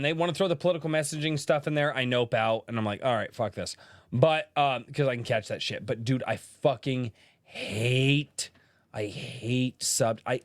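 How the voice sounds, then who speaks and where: A man hosting a casual podcast chat, loud and passionate, swearing often. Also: mid-range voice, no room sound, studio quality. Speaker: podcast host.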